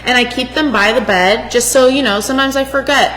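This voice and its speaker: A woman's voice: on the high side, a little fast, fairly bright tone. A young woman chatting about skincare with a bubbly, enthusiastic manner. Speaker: co-host showing skincare. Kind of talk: casual beauty chat. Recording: echoey room with long reverb.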